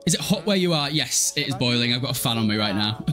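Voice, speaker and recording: Chatty guy, lively voice. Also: mid-range voice, quick pace, over music. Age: 20s. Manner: chatty, swears freely, laughs often, reads and answers chat. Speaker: game streamer. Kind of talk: casual live gameplay commentary.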